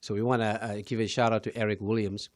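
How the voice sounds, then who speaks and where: Man, pastor, talk show host, lowish voice, rambling, effusive, dry sound. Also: flat delivery, fast, no room sound. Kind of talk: interview conversation.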